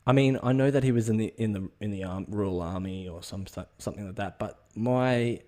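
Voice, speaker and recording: A man's voice: on the low side, brisk, warm tone. A man hosting a podcast, rambling and swearing through a comic monologue. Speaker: podcast host.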